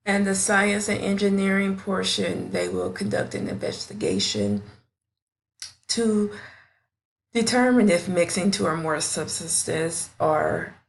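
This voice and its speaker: A woman who teaches fifth grade, presenting a classroom science station in a deliberate, instructional way with small slips. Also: lowish voice, vocal fry, a little hiss or hum.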